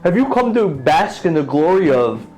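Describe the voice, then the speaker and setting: A man's voice: fairly high pitch, sing-song, moderate pace, a little mellow, faint music behind, voice pushed up, rough recording. A man voicing a pompous, boastful male human knight in a tabletop role-play game, speaking in a grand, self-important way. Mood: proud.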